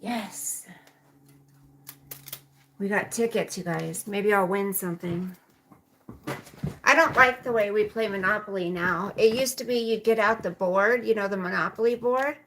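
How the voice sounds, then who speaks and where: A gravelly-voiced woman in her forties talks slowly and casually to her livestream viewers, rambling from one thought to the next. The recording carries a clear layer of background noise. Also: mid-range voice, a bit bright, poor audio. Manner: rambling and chatty, talks to viewers as "you guys". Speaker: livestreaming mom vlogger.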